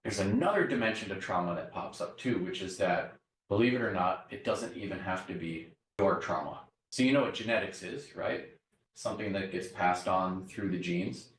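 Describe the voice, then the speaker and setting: A man's voice: low-pitched, normal speed. Man lecturing in an echoey classroom. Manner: explanatory, checks in with the class by asking "right?". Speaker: university lecturer. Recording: echoey classroom, mic far off.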